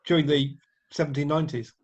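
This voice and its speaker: A man's voice: a little high, fairly even intonation, fast talker, slightly rough, highs cut off. A man on a casual podcast, eagerly explaining historical campaigns and tactics. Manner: enthusiastic, explanatory, with frequent restarts. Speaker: history guest explaining battles. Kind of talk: casual chat.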